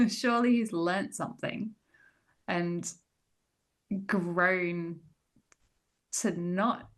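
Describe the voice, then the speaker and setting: A woman's voice: on the low side, drawn-out words. A woman co-hosting a TV rewatch podcast, musing aloud and tossing in rhetorical questions. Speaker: podcast co-host. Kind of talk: casual chat.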